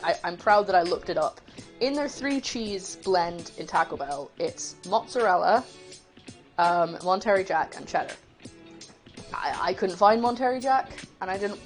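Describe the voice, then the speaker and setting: A woman hosting a cooking livestream, chatting casually and rambling, laughing easily as she greets her chat. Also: fairly low pitch.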